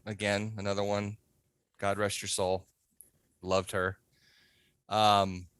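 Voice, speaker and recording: A man in a casual podcast interview, telling a backstage prank story with animated delivery and acting out the other people's voices. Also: lowish voice, dry recording. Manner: animated, acts out voices in his stories. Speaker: podcast guest, haunt scare actor.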